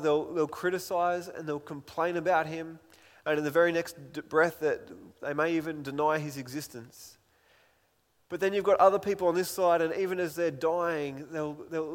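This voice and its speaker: A man's voice: a little high, fairly even intonation, normal speed. Earnest man preaching in a reverberant hall. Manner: earnest, pleading, acts out scripture voices. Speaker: pastor. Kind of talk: sermon.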